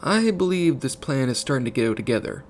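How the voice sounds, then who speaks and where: A man's voice: medium pitch, very animated, fairly quick, a little hiss or hum. A man voicing a serious British teenage boy leading a secret team.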